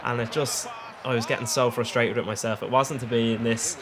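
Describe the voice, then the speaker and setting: A young man with an Irish accent doing cheeky, excitable voice-over commentary on his own gameplay, laughing often. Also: medium pitch, brisk, noisy background. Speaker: gaming channel host.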